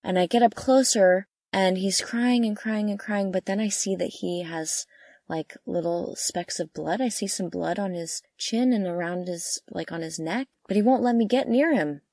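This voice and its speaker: A young woman casually telling a travel story from inside a camper van, animated and full of fillers, with her voice jumping up when she quotes herself. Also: normal speed, no room sound, studio quality. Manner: animated, lots of fillers, jumps high when quoting herself. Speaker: travel vlogger.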